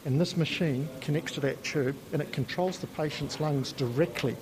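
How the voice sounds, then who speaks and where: A man's voice: fairly high pitch, moderate pace, crowd noise, rough recording. A man with a New Zealand accent patiently explains technical equipment on a factory tour, with frequent ums. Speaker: company spokesperson giving a tour. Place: factory and laboratory.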